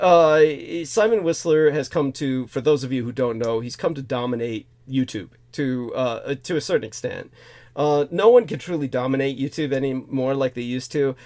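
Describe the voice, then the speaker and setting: A man hosting a talk show, ranting in an animated, indignant way with many fillers, restarts and curses. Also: medium pitch. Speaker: host.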